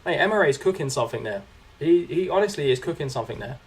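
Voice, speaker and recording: Fast and expressive, with a voice a little on the high side, a young man commentates his own game during a live stream. He keeps up a chatty flow, reacting to play and reading viewer comments aloud to respond.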